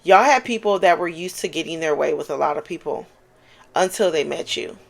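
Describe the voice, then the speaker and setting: A woman giving a casual tarot reading, animated and profane, who exclaims and repeats lines for emphasis. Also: sits low, brisk, creaky. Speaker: tarot card reader.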